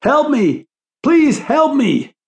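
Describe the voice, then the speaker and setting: A man voicing a panicked injured man who screams for help in a high, desperate voice. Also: fairly even intonation, measured pace, a little mellow, close to an everyday voice. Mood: panicked shouting.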